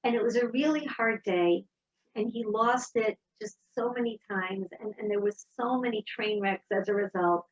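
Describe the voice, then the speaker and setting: Storytelling woman, slightly husky. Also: medium pitch, normal speed, dull audio. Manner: storytelling, warm and animated. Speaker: speaker. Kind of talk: inspirational talk.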